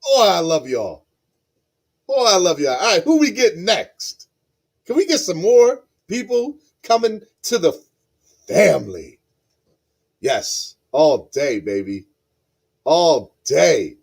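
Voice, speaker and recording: A man hosting a live podcast stream, excitedly reading out chat messages and repeating himself. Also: on the high side, slow, long pauses, slightly rough. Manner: excitable, repeats phrases, reads chat aloud. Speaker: podcast host.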